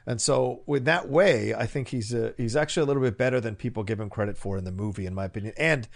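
A man co-hosting a film podcast, talking in a rambling, animated way and laughing easily. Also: mid-range voice, fast talker, vocal fry. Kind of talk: casual film discussion.

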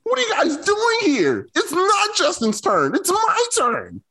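A whiny male quarterback complains that he was promised the starting job, as a man puts him on in a sports chat. His voice rides far above a normal talking pitch and swoops widely. He stretches every plea out slowly, sounding wounded and entitled. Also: wildly swooping pitch, sharp tone, full character voice. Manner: whining, high and drawn out. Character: whiny benched male quarterback feeling betrayed.

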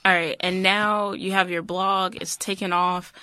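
A man hosting a podcast, asking questions in a relaxed, casual way with lots of "like" fillers. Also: high-pitched, measured pace, clear, resonant tone, no echo. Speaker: podcast host. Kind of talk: casual interview chat.

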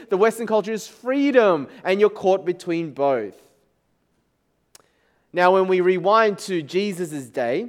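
A man preaching a sermon as pastor, talking to the congregation in a conversational, joking way. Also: high-pitched. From Chinese background.

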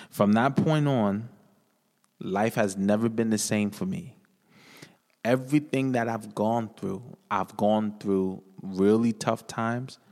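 A man tells his life story as a podcast guest, earnest and conversational, circling back on his own words. His voice sits fairly low. The room rings with a long, echoing reverb. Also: darkish tone. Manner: earnest storytelling with many repeated phrases. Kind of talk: personal testimony in casual conversation.

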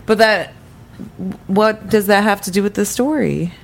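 A woman's voice: mid-range voice, unhurried, vocal fry. A woman and guest comedian making teasing asides in podcast banter.

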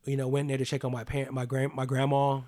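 A man's voice: mid-range voice, monotone, fast talker, mellow. A young adult man, a podcast guest, telling personal stories in an earnest, casual way, full of "like" and "you know what I mean".

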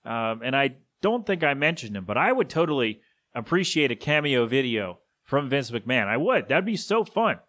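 Bright-voiced man rambling solo on a podcast. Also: mid-range voice, sing-song. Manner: casual, opinionated, self-correcting; drops into a gruff put-on voice for quick impressions. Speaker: podcast host.

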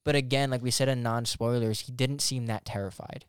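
Relaxed guy cohosting a movie podcast, laughs a lot, smooth clear voice, dry sound. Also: mid-range voice, brisk, no echo. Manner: relaxed, laughing, trailing off mid-sentence. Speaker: podcast co-host. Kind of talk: casual chat, film review.

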